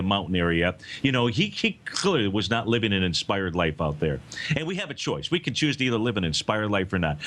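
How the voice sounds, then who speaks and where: A man's voice: mid-range voice, a bit bright. A man hosting a live financial talk show, speaking to listeners in a folksy, emphatic way.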